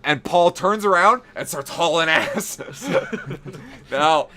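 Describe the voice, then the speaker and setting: Animated, profane male storyteller. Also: a little high, unhurried. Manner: animated, profane, building to excited outbursts. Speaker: podcast host. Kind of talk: casual storytelling.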